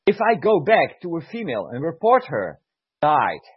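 His voice is fairly high with wildly swooping pitch and a breathy edge, moving at normal speed with no echo. He is a guest, once an army sergeant, launching into a heated, emotional conversational rant full of swearing and repetition, all in dull lo-fi audio.

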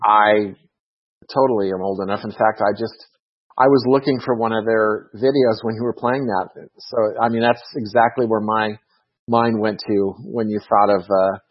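Inquisitive male co-host; husky, lowish voice, dull lo-fi sound. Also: steady tone, moderate pace. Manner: curious, asking many questions. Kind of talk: casual chat.

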